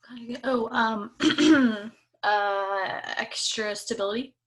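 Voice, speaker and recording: A woman's voice: a little high, slow, poor audio. A young woman student answering a tutor's questions, hesitant and thinking aloud with many fillers.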